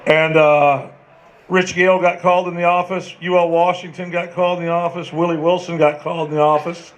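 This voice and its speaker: A man's voice: a little high, flat delivery, a little fast, highs cut off. A man in his sixties, a former ballplayer, telling folksy detailed anecdotes on a panel and turning to others by name. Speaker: former player and manager, panel guest. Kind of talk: storytelling at a live panel.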